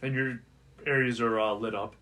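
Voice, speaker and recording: A man's voice: mid-range voice, fairly even intonation, normal speed, pushed and bright. A man running a tabletop game as game master, describing scenes in a casual way. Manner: casual, describing scenes and voicing side characters. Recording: distant mic with faint noise.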